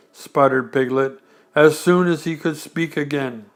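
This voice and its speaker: A man reading a bedtime story aloud, unhurried and gentle. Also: fairly high pitch.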